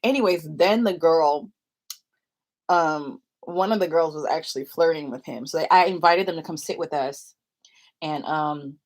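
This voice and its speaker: Young woman, vlogger, casual storytime, rambling, giggly, slightly low voice. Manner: chatty, rambling, quick to giggle.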